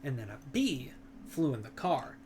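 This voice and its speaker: A man's voice: mid-range voice, big pitch swings, moderate pace, a little mellow, a little hiss or hum. A young man chatting casually as a stream co-host, telling long rambling stories full of fillers and crude words. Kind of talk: casual chat.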